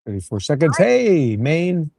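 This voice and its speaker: A man's voice: on the high side, big pitch swings, gravelly, warm tone. A man hosting a livestream, greeting viewers one after another and introducing an update. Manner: rapid-fire greetings to chat. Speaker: livestream host.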